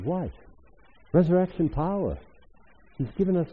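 Older pastor preaching in echoey hall. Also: male voice, medium pitch, normal speed, slightly rough. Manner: animated, emphatic preaching with sudden loud rises. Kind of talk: sermon. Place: church hall. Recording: echoey hall, tinny phone-like sound.

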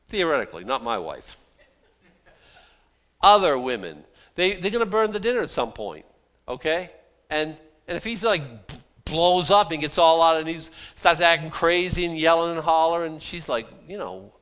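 A man's voice: a little high, fairly bright tone. A male pastor preaching a sermon in a conversational, self-deprecating way, often restarting his sentences.

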